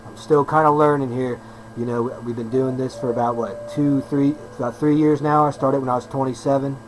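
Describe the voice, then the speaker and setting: A man's voice: medium pitch, fairly even intonation, brisk, background noise. A man in his thirties, a personal trainer, talking in a casual rambling vlog, hyper and upbeat with slang and lots of repeats. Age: 30s.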